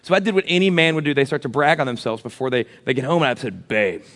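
A man in his thirties, a pastor, giving a sermon with animated, self-deprecating stories. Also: a little high, rapid-fire, long reverb tail. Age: 30s.

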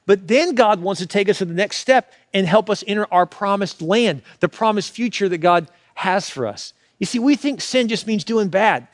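Guy preaching, kinda high voice, dry close sound, really into it. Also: expressive, moderate pace, hardly any pauses, dry recording. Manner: passionate preaching, acts out quoted lines. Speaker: pastor. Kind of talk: sermon.

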